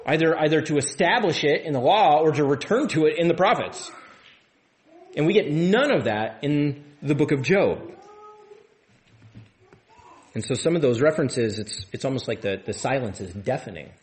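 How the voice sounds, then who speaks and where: A pastor preaching to his church, a man whose voice sits a touch high. He talks through the sermon casually, restarting phrases and doubling words as he thinks aloud. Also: expressive, moderate pace, long pauses. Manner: conversational, repeats words and restarts often.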